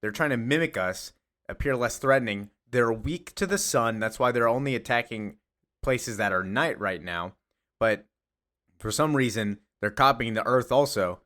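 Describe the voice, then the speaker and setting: A man voicing a clever male scientist, explaining briskly in a near-natural voice. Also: medium pitch, bright, forceful tone, lightly acted.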